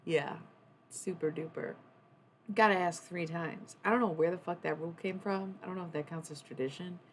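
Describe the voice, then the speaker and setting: Chatty low-voiced woman streamer. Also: moderate pace, slight background noise. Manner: chatty, rambling, swears casually. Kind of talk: casual chat on a livestream.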